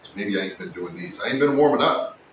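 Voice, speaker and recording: A man hosting a casual woodworking livestream, chatting and joking with his viewers, sometimes yelling, recorded in a workshop. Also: expressive, fast talker. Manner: joking, teasing, with sudden yells. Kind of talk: casual live-stream chat with viewers. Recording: echoey room, distant mic, faint rumble.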